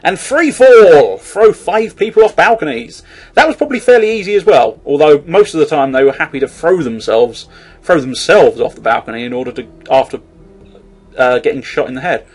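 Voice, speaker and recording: A man giving casual video game commentary, rambling with jokey asides and the occasional loud outburst. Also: on the high side, expressive, brisk, breathy edge. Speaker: let's play host.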